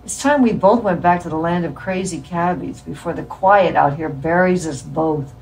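A woman's voice: on the low side, normal speed, darkish tone, slight background noise, close to an everyday voice, low-quality recording. A woman reading as a teasing Italian hairdresser man. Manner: playful teasing.

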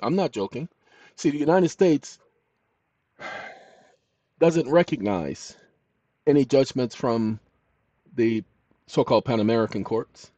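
A man hosting his own channel, talking straight to viewers in an emphatic monologue that swings between loud and hushed. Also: medium pitch, no echo. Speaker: channel host. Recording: dull lo-fi, dry sound.

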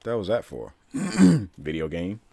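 Low-voiced man narrating gameplay casually. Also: wildly swooping pitch, slow pace, gravelly, mellow, husky, no echo. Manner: profane, talks back to the game. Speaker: streamer.

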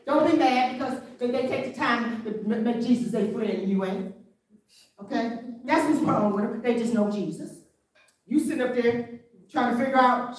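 Animated woman preaching in an echoey hall. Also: a little high, moderate pace, recorded from a distance. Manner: conversational preaching with rhetorical questions. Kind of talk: sermon. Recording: very echoey room, voice from afar.

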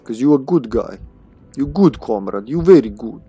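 A man streaming a video game live, cursing and joking at the enemies while he plays, with a sore throat he keeps clearing. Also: medium pitch, expressive, normal speed, mellow, soft background music. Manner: swears freely and jokes at the game. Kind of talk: casual live gameplay commentary.

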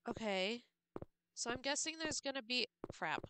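Woman streaming a game, kinda high voice, thinking out loud, mumbly. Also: animated, unhurried, background noise. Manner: mutters and thinks aloud while puzzling. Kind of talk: casual gameplay commentary.

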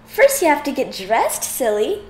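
A woman's voice: high voice, wildly swooping pitch, a little slow, darkish tone, reverberant, full character voice. A woman voicing a patient, good-humored father frog in a children's storybook. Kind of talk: storybook character voice.

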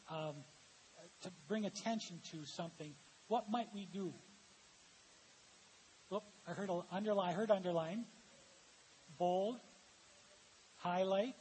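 High-voiced pastor preaching in a reverberant church. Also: male voice, a little mellow. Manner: reads quotations aloud and asks the congregation for answers. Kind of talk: sermon. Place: church sanctuary. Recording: long hall reverb with faint hiss.

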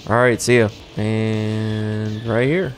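A man's voice: on the low side, level tone, slow pace, faint music behind. A young man giving casual, sarcastic gameplay commentary, swearing freely and chuckling to himself.

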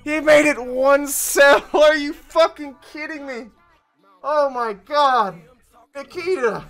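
Brief: female game streamer, very high voice, unhurried delivery, incredulous and profane, faint music behind. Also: fairly bright tone. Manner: incredulous, laughing, swears a lot. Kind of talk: live gameplay commentary.

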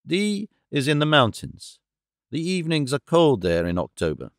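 A man narrating a classic novel audiobook in an even, steady storytelling manner. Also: a little high, moderate pace, dry recording, studio quality.

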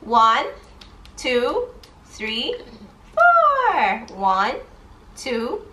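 A woman's voice: mid-range voice, measured pace, slight background noise, rough recording. A woman and mother talking casually in a vlog, chatty and loose with fillers. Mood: playful. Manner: playful sing-song when counting with her baby. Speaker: mother and vlogger.

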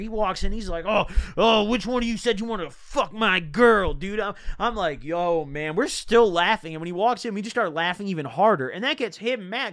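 A man's voice: sits high, fairly bright tone, no echo, studio quality. A young man telling a rambling story in casual slang, full of "dude" and "bro". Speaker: storyteller vlogger.

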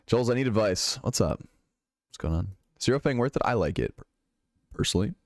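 Lively low-voiced male streamer. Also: brisk, no echo. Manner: relaxed, swears freely, answers viewers' questions. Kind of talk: casual chat reading out live chat.

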